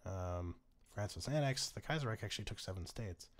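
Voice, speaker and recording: A man's voice: lowish voice, big pitch swings, brisk. A man casually commentating a strategy game, wry and chuckling, swearing freely as he reacts. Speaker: gaming channel host.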